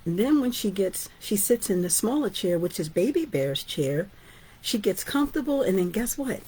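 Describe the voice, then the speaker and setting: A woman's voice: medium pitch, big pitch swings, normal speed, mellow, slightly rough. A woman author and teacher giving an informal storytelling lesson, chatty and often asking "right?". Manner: chatty, asks "right?" and "guess what?".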